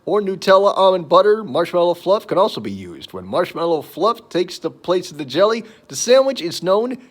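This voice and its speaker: Man, podcast host, reading aloud, animated pitch, slightly raised voice. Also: normal speed. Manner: reads aloud, then wanders into playful asides. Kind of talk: reading and riffing on daily holidays.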